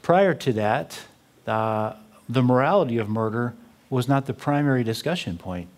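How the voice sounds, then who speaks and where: A man's voice: medium pitch, animated, normal speed. A man giving a talk to an audience, telling a humorous story full of quoted dialogue. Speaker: speaker on theology.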